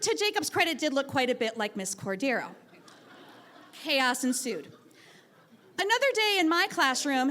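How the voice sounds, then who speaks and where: A woman teacher telling a personal story live on a theatre stage, acting out the voices of the people she quotes. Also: high voice. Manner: animated, acts out quoted voices.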